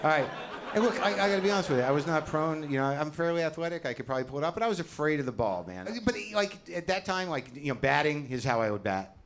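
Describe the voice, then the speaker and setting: A man's voice: a little high, big pitch swings, quick pace, hardly any pauses. An older man doing a self-deprecating stand-up routine on a comedy stage, talking conversationally into a handheld mic. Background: audience laughter.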